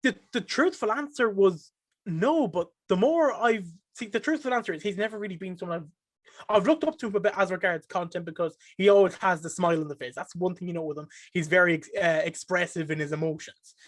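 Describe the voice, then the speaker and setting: An excitable young Irish man with a high voice talks as a guest on a casual podcast. He gets emotional and animated as he speaks. The sound is dry and close-miked. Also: fairly quick, no room sound. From Ireland. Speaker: podcast guest, streamer and caster.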